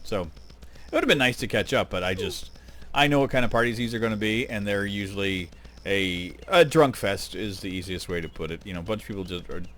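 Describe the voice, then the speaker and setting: A man's voice: on the low side, brisk, a bit bright. A man hosting his gaming channel, talking casually and rambling with lots of fillers while he plays. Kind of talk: casual gameplay commentary.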